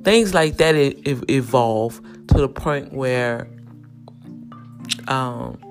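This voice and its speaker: Low-voiced woman chatting to viewers. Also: takes it slowly, soft background music. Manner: chatty, addresses viewers directly, repeats words as she goes. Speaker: vlogger sharing a personal story. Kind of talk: casual storytelling to viewers.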